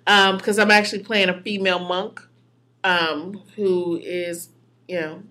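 A woman co-hosting a podcast, chatting in a relaxed, rambling way with many ums. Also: on the low side, measured pace. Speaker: podcast co-host. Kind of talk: casual chat.

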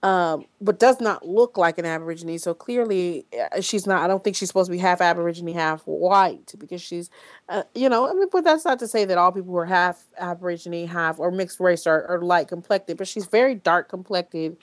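Woman podcast host, lowish voice, blunt, swears a lot, lots of ums and restarts. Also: brisk. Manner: blunt, swears freely, many fillers and restarts. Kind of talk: casual podcast discussion.

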